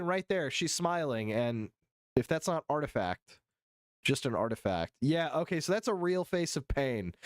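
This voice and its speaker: A streamer giving crude, profane, mocking play-by-play commentary on a live stream while scrubbing through a video and reading chat. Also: medium pitch. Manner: frequent silly put-on quote voices. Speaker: livestream host.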